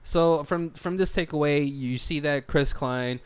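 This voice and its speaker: A man co-hosts a movie commentary podcast, speaking into a studio mic in a smooth, slightly high voice at a measured pace. The chat is casual and rambling, full of fillers and frequent laughter.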